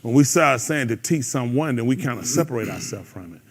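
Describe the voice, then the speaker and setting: A man's voice: medium pitch, expressive, fairly quick. A man leading a congregation's Bible class, bantering and laughing with them between scripture readings. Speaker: teacher leading a Bible study. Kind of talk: casual joking Bible class.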